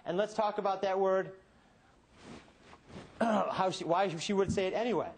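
Defense lawyer guy doing his closing to the jury, higher voice, lots of can-you-imagine questions, goes quiet then punchy. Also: gravelly, slight background noise. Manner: rhetorical questions, dramatic pauses, swings between quiet and emphatic. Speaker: defense attorney. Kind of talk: courtroom closing argument. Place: courtroom.

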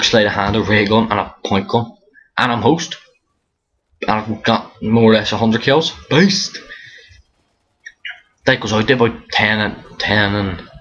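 Young guy, low voice, sleepy rambling game commentary, dull lo-fi mic, faint hiss. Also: a bit bright. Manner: rambling, frequent restarts, tired yawning. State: tired. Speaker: gaming commentator. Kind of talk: casual gameplay commentary.

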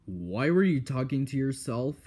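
A man's voice: medium pitch, big pitch swings, moderate pace, warm tone, lightly acted. A man voicing a skeptical, sarcastic male bird who needles others dryly, in a fan cartoon. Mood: needling. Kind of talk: fan-made cartoon voice acting.

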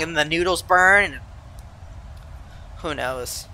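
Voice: medium pitch, normal speed, pushed and bright. A young adult from Southern California casually chatting on a live stream, reading and answering chat while flying, laughing easily and poking fun at themself. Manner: laughs easily, self-deprecating. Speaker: flight sim streamer.

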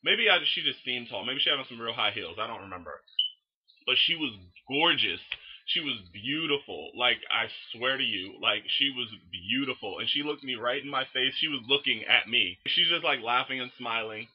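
A young man casually telling a story to camera in an excitable, profane, animated way. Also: medium pitch, moderate pace, husky, lo-fi sound. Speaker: vlogger.

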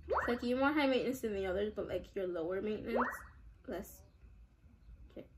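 A woman's voice: medium pitch, lively intonation, fairly quick, very noisy. A young woman vlogger giving casual, chatty commentary while playing a game, with giggly, exaggerated reactions. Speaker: gaming vlogger.

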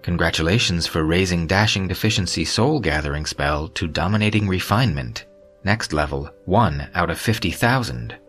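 A man voicing a game-like system interface that announces upgrades in a flat, formal way. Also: deep voice, normal speed, soft background music. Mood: announcing.

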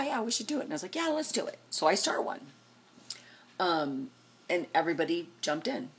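A woman vlogger telling a casual story, animated and acting out what people said with big jumps in her voice. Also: slight background noise. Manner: animated, acts out quotes with big pitch jumps.

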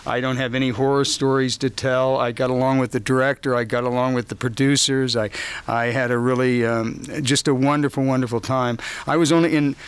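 A man's voice: medium pitch, a little fast, clear, resonant tone, no room sound. A man being interviewed about a film role at a press junket, telling rambling stories with easy chuckles. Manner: relaxed, rambling storytelling with chuckles. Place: hotel press junket room, indoors.

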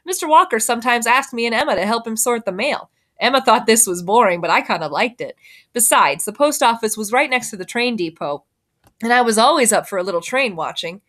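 Slightly high-voiced woman reading a novel aloud. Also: fairly bright tone. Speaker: reader.

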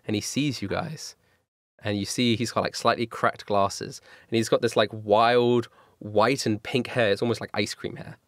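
A man's voice: fairly low pitch, steady tone, moderate pace, dry recording, clean studio sound. A man running a tabletop game as game master, casual and rambling, laughing often.

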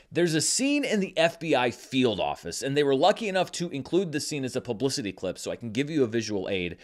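Wry man with a lively voice. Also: on the high side. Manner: wry, incredulous, sarcastic. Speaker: film critic. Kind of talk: video film review.

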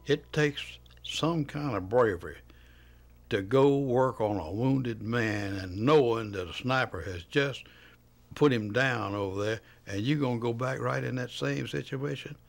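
A man's voice: mid-range voice, a little slow, creaky. An older man recalling wartime memories in an interview, speaking emphatically. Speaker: war veteran interviewee.

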